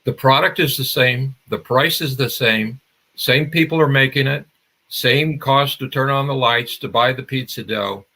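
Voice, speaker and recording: A man's voice: medium pitch, a little slow, pushed and bright. An older man, a marketing expert guest, explaining in a conversational interview with restarts and examples.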